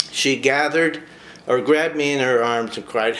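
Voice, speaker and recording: In a casual talk, a man reads a short biography aloud and keeps breaking off for chatty personal asides between passages. His voice is mid-range and a bit bright, his pace a little slow, and there's slight background noise.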